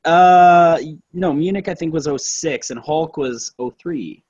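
A man's voice: a little high, measured pace, darkish tone, husky, dry recording, lo-fi sound. Rambling, profane guy in casual chat. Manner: rambling and profane, with lots of fillers and self-corrections. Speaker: podcast co-host reviewing a movie.

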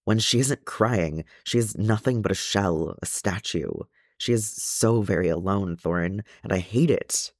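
A man's voice: lowish voice, a little slow, no room sound, clean studio sound. A man reading aloud, voicing an anxious, grieving young male dwarf who pleads in a slightly raised voice. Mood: pleading. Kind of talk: audiobook fan reading.

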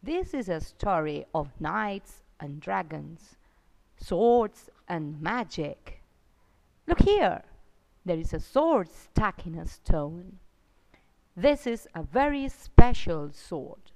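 Slow, animated woman storyteller. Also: lowish voice. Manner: slow, emphatic, exaggerated for children. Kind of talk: children's storybook narration. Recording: long reverb.

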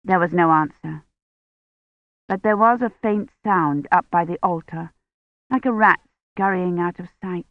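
An audiobook narrator, a woman with a voice on the low side, reads a novel in calm, measured scripted narration. There's no room sound, and the recording is dry with a tinny, phone-like quality.

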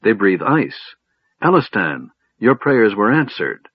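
A worried young elven archer woman voiced by a male reader speaks with quiet urgency in a low, husky voice. The recording is dry and muffled. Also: sing-song, slow, no echo, exaggerated voice. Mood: awed. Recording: dull lo-fi recording.

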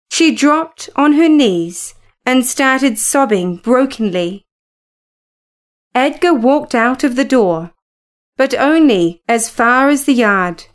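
Brief: female audiobook narrator, clear and measured, slow delivery, slightly high voice. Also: lively intonation.

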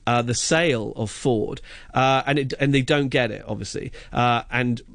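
A man's voice: medium pitch, moderate pace, vocal fry, fairly bright tone, dry recording, studio quality. A man chatting on radio as a film reviewer, enthusiastic and rambling, with many fillers and restarts. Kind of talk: casual radio chat.

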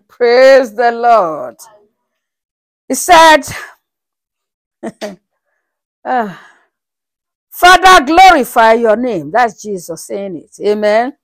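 A woman preaches a sermon in a high voice that swoops up and down with feeling. She takes her time, reads scripture aloud slowly and keeps asking the congregation whether they are following. Laughter and shouts of praise break in between the verses. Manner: animated, with frequent rhetorical checks on the congregation. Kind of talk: sermon with Bible reading.

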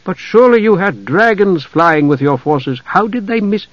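A man's voice: high-pitched, animated, normal speed, dry recording, pitched above the performer's own voice. Brief: a male reader doing a blunt bearded old warrior, raised and exasperated, dry dull audio. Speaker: audiobook narrator.

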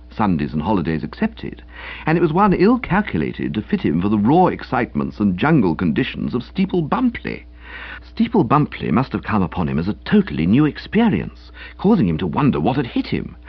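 A man narrating a comic novel with wry relish, his pitch swooping freely between high and low. His voice carries a husky grain. The recording is dry and slightly muffled. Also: no room sound. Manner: expressive, wry first-person narration. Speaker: audiobook narrator. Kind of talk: audiobook reading of a comic novel.

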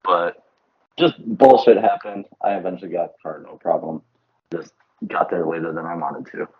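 This is a man with a husky, somewhat low voice, swapping stories in a relaxed podcast chat. He tells them with animation, slips in a swear word here and there, and laughs along with his friends. The recording sounds dull and lo-fi. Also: moderate pace. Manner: animated storyteller, laughs often, swears casually. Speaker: podcast co-host. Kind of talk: casual chat.

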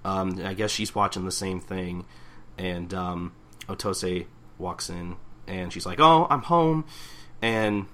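A man co-hosting a casual podcast talks through a manga chapter. His voice sits fairly low but has a bright, forward edge. He rambles with lots of "um" and restarts. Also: monotone, measured pace. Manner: rambling, full of fillers and restarts. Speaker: podcast co-host. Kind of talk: casual chat recapping a manga.

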